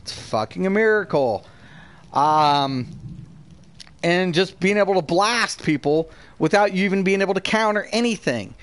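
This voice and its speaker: Brief: male gaming streamer, combative and foul-mouthed, slightly high voice, dead-dry booth sound. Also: expressive, moderate pace, clean tone, no echo. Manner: heated, profane, combative. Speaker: gaming streamer and channel host. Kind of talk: live stream rant, answering chat.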